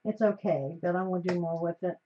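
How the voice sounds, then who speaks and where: Talking fast in a lowish, steady voice, a woman from the United States rambles on her crafting live stream, often cutting a sentence off halfway to start another. Slightly dull audio carries a faint hiss.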